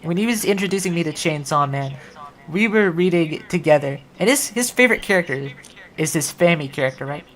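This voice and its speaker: Woman, low pitch, livestream host, rambling casual chat, filler-heavy talk. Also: expressive, fairly quick.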